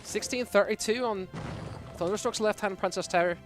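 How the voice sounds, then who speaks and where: Playful Scottish-accented caster, a man putting it on, high voice, live play-by-play over game music. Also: moderate pace, close to an everyday voice. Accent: put-on Scottish. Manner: excitable, playful, teasing. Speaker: esports caster. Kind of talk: live esports commentary.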